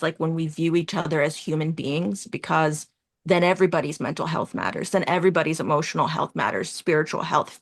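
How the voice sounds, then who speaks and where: A woman in her forties talks in a low, deep voice, earnest and a little rambling, laughing softly between thoughts. Her voice is recorded close and dry, with no room around it. She is a guest in a casual, heartfelt conversation. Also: no echo. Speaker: community guest.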